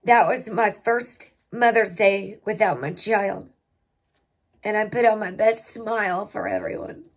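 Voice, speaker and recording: A woman hosting a spiritual healing livestream, talking slowly and reflectively with her viewers. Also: medium pitch. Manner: slow, reflective, talks to chat and to herself. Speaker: spiritual healing channel host.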